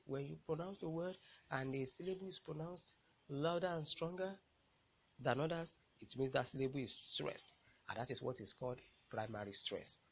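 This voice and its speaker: A man's voice: a little high, breathy edge, poor audio. A man teaching a lesson, explaining step by step and stressing key words. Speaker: English language teacher. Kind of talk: classroom lecture.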